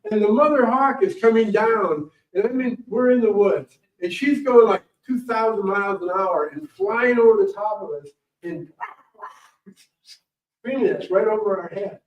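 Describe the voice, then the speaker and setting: In a library meeting room, a man who has won morel hunting championships entertains the audience as a guest, his storytelling loose, lively and anecdotal. His pitch is high and his pace moderate. Captured from afar, the audio comes across dull and roomy.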